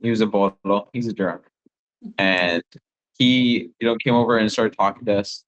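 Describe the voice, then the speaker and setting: A young man, a missionary phoning home, telling rambling, excitable stories full of fillers. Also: lowish voice, moderate pace, highs cut off. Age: young adult. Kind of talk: casual phone chat with family.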